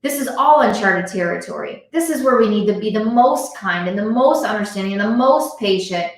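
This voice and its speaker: A woman's voice: medium pitch, lively intonation, a little fast. A woman giving an earnest motivational talk on a live stream, speaking straight to her viewers and repeating her points for emphasis. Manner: earnest, repetitive, direct address to viewers. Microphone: device camera on a live stream. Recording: very echoey room sound.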